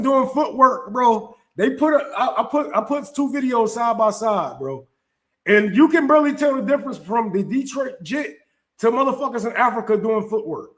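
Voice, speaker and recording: A man with a very high-pitched, slightly bright voice hosts a casual opinion livestream over a streaming mic. He talks heatedly and emphatically, swearing and frequently restarting his sentences.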